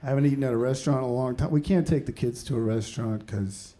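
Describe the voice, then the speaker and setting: A man in his thirties doing stand-up comedy, swinging between mumbled asides and loud outbursts. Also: medium pitch, fast talker. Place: comedy stage before a live audience. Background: audience laughter.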